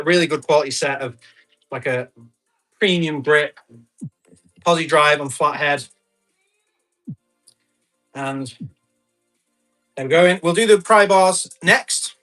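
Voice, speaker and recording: Man, bright forceful voice, casual live auction chatter, faint music behind. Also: on the high side. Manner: chatty, laughs often, reads out bids and comments. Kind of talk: casual live-stream selling chat.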